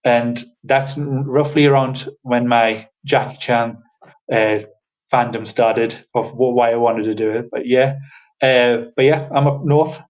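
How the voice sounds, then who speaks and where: A man's voice: medium pitch, a little slow, low-quality recording. A man from Newcastle with a northern English accent, a podcast guest chatting casually and hesitantly, with many fillers. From Newcastle, northeast England. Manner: hesitant, full of fillers, relaxed.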